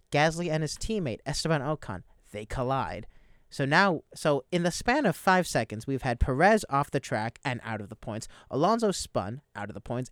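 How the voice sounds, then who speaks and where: A man talks through a motor race in a casual sports chat, retelling the events in lively detail. His voice is smooth and resonant, recorded close and dry with no room sound. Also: medium pitch, no echo.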